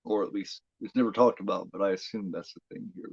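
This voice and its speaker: Low-voiced guy doing a horror watch-along stream, rambly and sweary, dry dull lo-fi mic. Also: fast talker, gravelly, breathy edge, dry recording. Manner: rambling, profane, many fillers. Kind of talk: casual live commentary.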